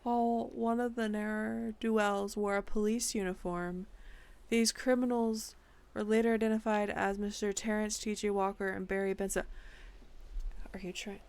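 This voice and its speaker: Gravelly-voiced woman streamer reading aloud. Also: mid-range voice, flat delivery, normal speed, a little mellow. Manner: incredulous, breaks into laughter and asides while reading. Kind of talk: casual live-stream commentary, reading documents aloud.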